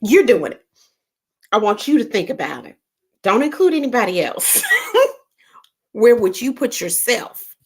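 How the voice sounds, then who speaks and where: A woman's voice: on the high side, wildly swooping pitch, a little slow, long pauses, husky. A woman hosting a casual online gathering, reading viewer comments in a playful, teasing way. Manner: playful, teasing, lots of laughs and sighs. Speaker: host of a live online gathering.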